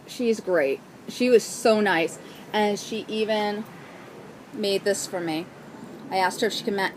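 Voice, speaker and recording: Brief: young woman, chatty and excitable knitting vlogger, faint outdoor hiss behind. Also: mid-range voice, poor audio. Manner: bubbly, gushing, chatty. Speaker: knitting podcast host. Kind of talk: casual chat.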